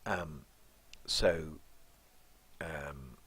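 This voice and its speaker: A man teaching, walking through a play line by line in a thoughtful, musing way, often pausing and restarting. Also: extremely low pitch, fairly bright tone, husky.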